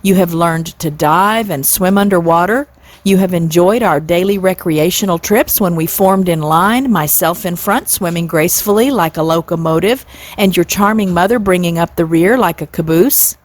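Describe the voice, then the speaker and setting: A woman's voice: on the low side, normal speed, dry recording, natural voice. A woman in her sixties voicing a stately, pompous father swan who speaks in long, formal, flowery sentences in a storybook reading. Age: 60s.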